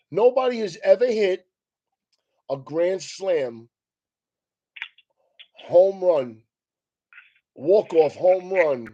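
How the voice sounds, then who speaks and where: A man's voice: high voice, warm tone, muffled recording. A man comedian on a casual, profane rant, swearing constantly and breaking into laughs mid-sentence.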